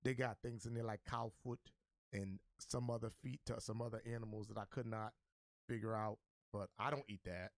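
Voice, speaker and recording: A man who is a guest on a talk radio show, telling a funny story in an animated, joking way with plenty of street slang. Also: on the low side, moderate pace, no room sound, clean studio sound. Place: radio studio.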